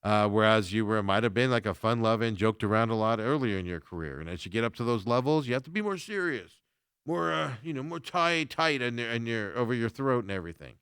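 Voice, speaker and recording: A man's voice: medium pitch, fairly quick, a bit bright, clear, resonant tone, dry recording, clean studio sound. A man hosting a sports talk show, chatting casually with lots of fillers as he reacts to viewer comments.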